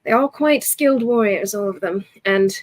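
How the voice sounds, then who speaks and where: A woman's voice: medium pitch, moderate pace, lightly acted. A woman voicing a polite, formal young male prince who addresses the others fondly and courteously in a tabletop role-play. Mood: explaining.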